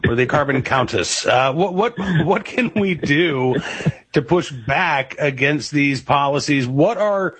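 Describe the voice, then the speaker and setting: A man's voice: fairly high pitch, expressive, unhurried, a bit bright, slightly rough. A man hosting a radio talk show, interviewing a guest and asking questions with many fillers and repeats.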